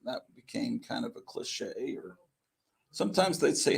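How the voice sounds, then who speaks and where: Male live stream host, gravelly and breathy, casual wry rambler. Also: mid-range voice, big pitch swings, measured pace. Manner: meandering, wry, self-deprecating. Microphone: computer microphone.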